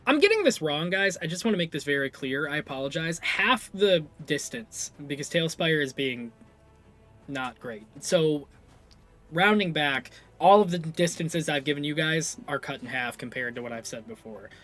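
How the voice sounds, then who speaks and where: A man's voice: on the high side, animated, normal speed, a bit bright. A man narrating as game master of a tabletop game, rambling and correcting himself as he goes.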